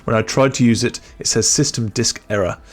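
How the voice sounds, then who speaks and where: A man's voice: medium pitch, brisk, lightly acted. A man reading out an email as a fussy, exasperated male writer with a long-winded complaint.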